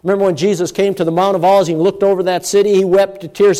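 A man preaching a sermon with emphatic delivery, moving between loud, stressed words and hushed asides. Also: high voice, steady tone, brisk, few pauses. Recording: long church-hall reverb.

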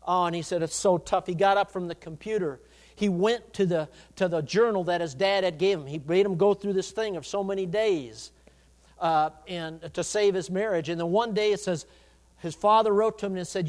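A man pastor preaching a sermon, shifting between loud, emphatic declarations and quiet, conversational asides, in a church. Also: high-pitched, normal speed. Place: church sanctuary. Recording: long hall reverb.

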